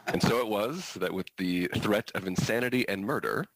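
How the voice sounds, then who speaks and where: A man's voice: lowish voice, moderate pace, fairly bright tone, dry recording, rough recording. A man who is a teacher, telling a story from his classroom with dry, understated delivery. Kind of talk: storytelling performance.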